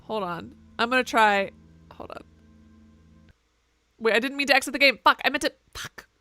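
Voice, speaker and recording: A woman streaming a video game, giving casual commentary in an animated, sweary, self-mocking way. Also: a little high, normal speed, faint music behind. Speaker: gaming streamer.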